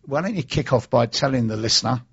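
A man's voice: medium pitch, expressive, fast talker, breathy edge. A man hosting a radio talk show in a chatty, jokey way, welcoming guests and reading out messages. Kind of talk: casual radio chat. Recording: dull lo-fi radio recording.

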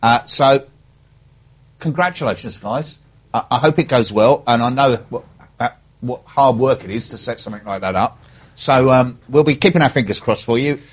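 A man's voice: mid-range voice, moderate pace. A man hosting a local radio show, chatting casually with a dry, teasing manner and a sore throat. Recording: dull, muffled radio studio sound.

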